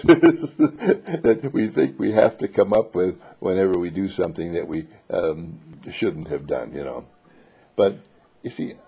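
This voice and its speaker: A man with a dark, mellow voice delivers an inspirational spiritual talk. His delivery is lively, with a husky rasp and a gravelly fry, and he acts out the voices he quotes. The recording sounds dull and lo-fi. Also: low voice. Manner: laughs between phrases.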